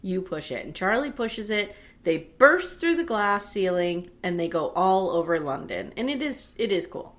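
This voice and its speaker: A woman co-hosting a casual chat, retelling a movie with lively acted-out voices and frequent swearing. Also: mid-range voice, normal speed, hardly any pauses. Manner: animated storyteller acting out movie scenes, swears freely. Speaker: podcast co-host.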